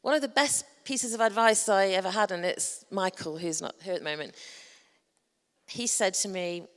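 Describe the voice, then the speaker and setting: A woman's voice: medium pitch, moderate pace. Yorkshire woman speaking in a reverberant hall. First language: English. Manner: chatty and humorous, addresses the audience directly. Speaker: conference speaker. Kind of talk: presentation on public speaking. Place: large conference hall. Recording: long reverb of a large hall.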